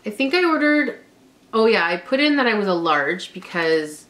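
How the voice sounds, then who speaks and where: A young Canadian woman vlogger chats casually through an unboxing, gushing over each item with lots of gasps and exclamations. She speaks at medium pitch and normal speed.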